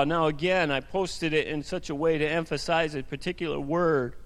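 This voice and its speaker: Pastor with a cold, echoing church hall. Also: male voice, a little high, steady tone. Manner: earnest, halting, restarts phrases. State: scratchy voice from a cold. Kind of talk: sermon with prayer. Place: church sanctuary. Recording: long hall reverb.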